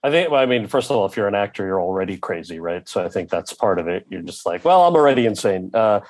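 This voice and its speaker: A man, an actor guest on a podcast, telling stories in an animated way and acting out the people he quotes. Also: low-pitched, quick pace. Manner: animated, acts out quoted people in his anecdotes. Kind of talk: conversational storytelling.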